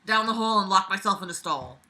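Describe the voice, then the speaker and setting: In a mocking read-aloud, a woman works through a fan story and keeps stopping for sarcastic, exasperated commentary full of swearing. Her mid-range voice is pushed and bright, fairly quick, with lively intonation.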